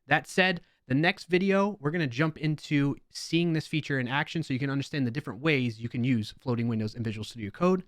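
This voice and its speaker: A man with a New York accent talks through a casual reaction video as a developer YouTuber. His voice sits at an ordinary middle pitch, and he tosses in wry asides. The sound is dry, with no room around it. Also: fairly quick, hardly any pauses, no echo. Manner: chatty, wry asides while reading comments aloud.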